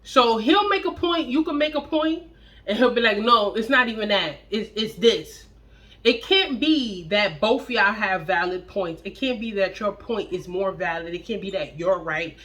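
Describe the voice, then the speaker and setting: A young woman with a bright, forceful voice tells a casual storytime to camera. She talks bluntly and with plenty of swearing, acting out what people said. Her pitch rises and falls sharply as she goes. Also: normal speed. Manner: blunt, profane, animated retelling with acted-out quotes. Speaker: storytime vlogger.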